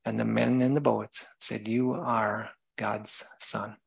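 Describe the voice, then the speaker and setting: A man's voice: on the low side, fairly even intonation, takes it slowly, creaky, husky, poor audio. A man preaching a sermon, reading scripture aloud and explaining it, sometimes stopping to correct himself.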